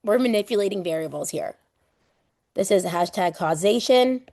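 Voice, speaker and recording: A woman's voice: mid-range voice, lively intonation, normal speed, darkish tone, no room sound, clean studio sound. A woman running a live online exam prep class in a loose, playful way. She acts out everyday examples and swears casually.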